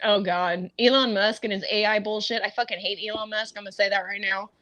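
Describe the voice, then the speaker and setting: A woman's voice: medium pitch, steady tone, brisk, pushed and bright, no room sound, muffled recording. A woman co-hosting a true crime podcast in casual chat, blunt and swearing freely while she rants. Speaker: podcast co-host.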